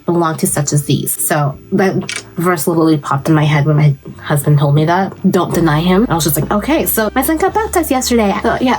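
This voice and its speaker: A woman in her thirties chatting casually while doing her makeup, telling a story and jumping into quoted voices as she goes. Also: lowish voice. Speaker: beauty vlogger. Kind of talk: casual get-ready-with-me chat.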